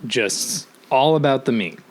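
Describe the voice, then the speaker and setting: A young man co-hosting a casual podcast, animated, laughing often and acting out quotes. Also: mid-range voice, measured pace. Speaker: podcast co-host. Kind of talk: casual chat.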